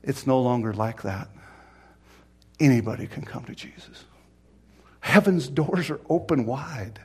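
A man preaching a sermon, swinging from loud cries to hushed whispers and acting out the people in his stories. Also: expressive, a little slow, long pauses, breathy edge. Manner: acts out quoted cries in a high strained voice.

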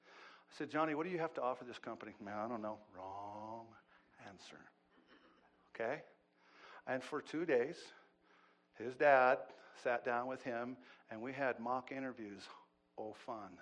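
Middle-aged male pastor, bright forceful tone, animated sermon delivery with loud peaks and hushed asides. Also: on the low side. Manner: animated preaching, swings from loud bursts to quiet asides.

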